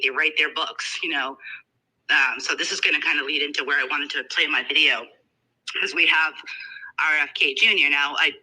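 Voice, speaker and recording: Very bright-voiced hesitant man. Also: on the high side, low-quality recording. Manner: hesitant, filler-heavy, indignant. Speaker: guest caller. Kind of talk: casual chat.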